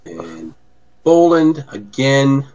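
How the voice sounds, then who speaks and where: A man's voice: mid-range voice, sing-song, very slow, darkish tone, highs cut off. A man acting as game master of a tabletop game, narrating in an easygoing way and thinking aloud as he goes.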